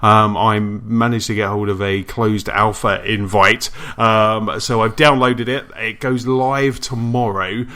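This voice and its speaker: A man's voice: on the low side, fairly even intonation, a little slow, few pauses, sharp tone. A man hosting a casual gaming podcast, rambling with fillers and restarts and laughing easily. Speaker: podcast host.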